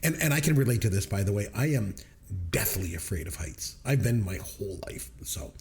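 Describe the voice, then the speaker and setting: Man, mid pitch, very lively intonation, casual podcast chat, laughs a lot. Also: a little fast, creaky, a little hiss or hum. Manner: animated storyteller, laughs often. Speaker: podcast co-host. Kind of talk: casual movie review chat.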